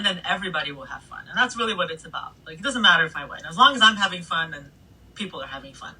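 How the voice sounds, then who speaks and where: A middle-aged woman DJ telling stories in a casual interview, animated, swearing freely and laughing between anecdotes. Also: on the low side, fast, breathy edge. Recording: voice a bit distant from the mic.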